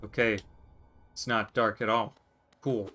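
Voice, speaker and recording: A man's voice: on the low side, steady tone, slow pace, fairly bright tone, a little hiss or hum. Man musing through a game stream. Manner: musing to himself, reading on-screen text aloud. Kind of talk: casual gameplay commentary.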